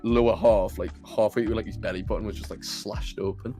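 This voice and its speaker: A man's voice: fairly low pitch, fairly even intonation, brisk, over music. A young man hosting a podcast, telling a story in a rambling, sweary way full of fillers. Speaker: podcast host. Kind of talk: casual storytelling. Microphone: computer camera mic.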